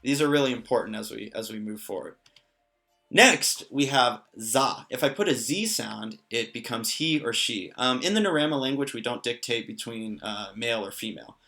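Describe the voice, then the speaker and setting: A man gives a relaxed spoken lesson, patiently walking through new sounds and words with the odd light joke. His voice is bright and forceful at a middle pitch. Soft music plays underneath. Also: normal speed. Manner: patient, explains step by step with small jokes. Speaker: language teacher. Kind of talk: casual spoken language lesson.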